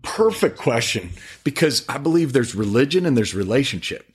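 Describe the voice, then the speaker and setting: A middle-aged man talking about faith on a podcast with eager, animated, preachy storytelling. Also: medium pitch, moderate pace, slightly rough. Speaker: podcast guest, faith-based business owner. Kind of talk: casual podcast conversation.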